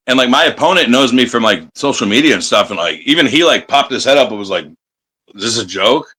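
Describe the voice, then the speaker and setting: Wrestler guest, male, from the States, bright, forceful voice, swears freely and acts out the crowd. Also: mid-range voice, a little fast. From United States. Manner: profane, animated storyteller who acts out crowd chants. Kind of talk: casual interview storytelling.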